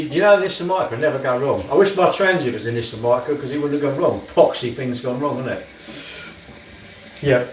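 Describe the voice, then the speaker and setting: A man's voice: medium pitch, slight background noise. Male streamer, rambly chatter, distant phone mic in an echoey kitchen. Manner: rambling, muttering to himself while doing chores. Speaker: livestreamer. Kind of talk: casual live-stream chat. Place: home kitchen. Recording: echoey room, mic set far off.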